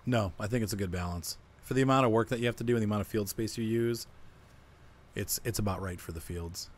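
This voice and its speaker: A fast-talking man with a fairly low pitch hosts a let's-play of a co-op farming game. He chats casually, explaining his plans as he plays.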